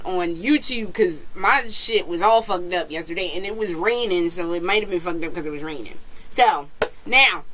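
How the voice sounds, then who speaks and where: A young woman from Florida vlogging at home about video games, swearing freely in slang and breaking into screams of joy. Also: medium pitch. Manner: profane, slangy, bursts into screams of excitement. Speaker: gaming vlogger. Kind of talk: excited casual vlog rant.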